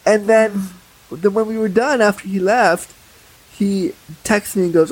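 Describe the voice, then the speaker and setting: A man with a somewhat higher, husky voice chats on a podcast. He tells stories bluntly and candidly, with lively asides and frank opinions. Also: measured pace, low-quality recording. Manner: candid, blunt, animated storytelling. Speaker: podcast guest. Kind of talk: casual podcast chat.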